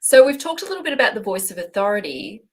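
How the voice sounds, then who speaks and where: A woman host steers an interview chat with encouraging prompts. Her voice is mid-pitched with a gravelly fry running through it. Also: big pitch swings, quick pace.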